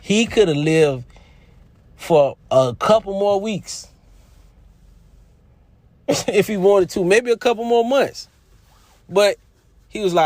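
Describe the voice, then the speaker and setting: A man talking casually and emphatically about sports and manhood, preachy, swinging from loud outbursts to quiet asides. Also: high voice, slow pace, pauses often, dry recording. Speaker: commentator. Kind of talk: casual opinion monologue.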